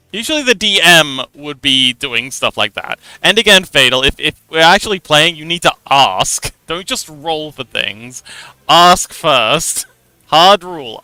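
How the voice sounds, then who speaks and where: Bright, giggly young man streaming. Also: a little high, smooth, no room sound. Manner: giggly, rambling with many restarts. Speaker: livestream host. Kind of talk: casual explanation of a tabletop game.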